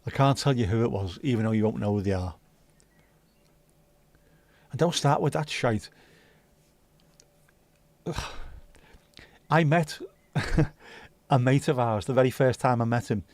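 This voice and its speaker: Laid-back sweary livestream host. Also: male voice, mid-range voice, normal speed, vocal fry, long pauses, darkish tone, no echo. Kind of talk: casual chat reading viewer comments.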